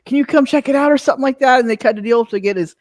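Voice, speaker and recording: A middle-aged woman guest in casual chat, giggling through animated retellings. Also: sits high, rapid-fire, no room sound, clean studio sound.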